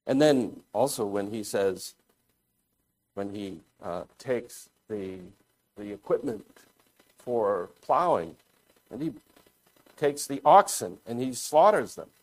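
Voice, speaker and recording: A man preaching a sermon in a lowish voice. He speaks slowly and deliberately, pausing and restarting phrases. His pitch rises and falls widely as he works through his points. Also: animated. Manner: deliberate, thoughtful, often pauses and restarts. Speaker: pastor.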